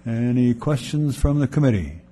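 A man chairing a city committee meeting, briskly reading agenda items and calling votes. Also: medium pitch, lively intonation, dark tone. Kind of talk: formal meeting procedure.

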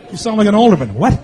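A man in his fifties or sixties, a mayor teasing children at a public meeting with quick jokes and frequent laughs. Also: sits high. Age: born 1964, 50s or 60s. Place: meeting hall with an audience. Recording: crowd noise behind. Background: crowd.

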